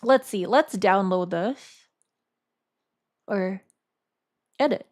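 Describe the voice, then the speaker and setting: A woman streamer in casual live-stream chat, thinking aloud in a halting way and repeating words as she talks to her chat. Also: mid-range voice.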